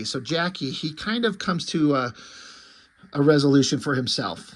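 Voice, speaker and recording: A man's voice: medium pitch, normal speed. A man casually retelling a comic book's story for his viewers, rambling and chatty, loosely paraphrasing the characters' dialogue into a camera mic. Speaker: comic book reviewer. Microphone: camera mic while filming the pages.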